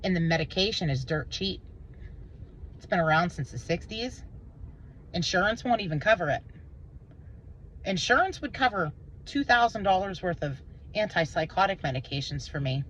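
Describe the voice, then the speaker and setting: A woman vlogging an emotional personal monologue, intense and rambling, swearing and swinging between low and high pitch. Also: expressive, normal speed, long pauses, a bit bright, muffled recording, slight background noise.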